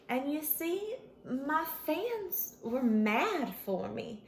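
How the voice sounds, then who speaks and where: A woman telling a children's story in an animated way, speaking as the character in the first person. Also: high-pitched, slow, few pauses, slight background noise. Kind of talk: expressive read-aloud storytelling. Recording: echoey room.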